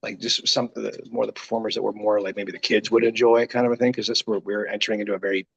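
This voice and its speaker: Gravelly low-voiced man telling stories. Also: quick pace, dull audio. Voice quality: gravelly, raspy deep voice. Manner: rambling, animated, full of quoted asides. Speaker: guest pro wrestler. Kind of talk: casual interview storytelling.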